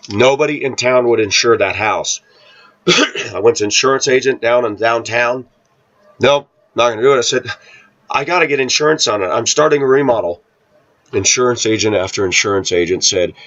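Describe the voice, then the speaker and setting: A man talking casually to his viewers, telling a rambling personal story and often clearing his throat. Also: on the low side, fairly bright tone, dull audio. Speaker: vlogger. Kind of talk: casual monologue to camera.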